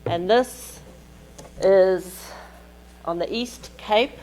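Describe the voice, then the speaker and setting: A woman delivers a conference keynote in a lecture hall. She speaks slowly and deliberately, in short measured phrases. Her voice sits at an ordinary middle pitch. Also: warm tone. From New Zealand.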